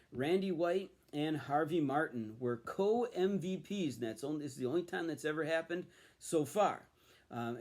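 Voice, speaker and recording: A man's voice: mid-range voice, a little hiss or hum. A man casually reviewing a sports card set, chatty and explanatory, with frequent ums and uhs. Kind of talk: casual show-and-tell review.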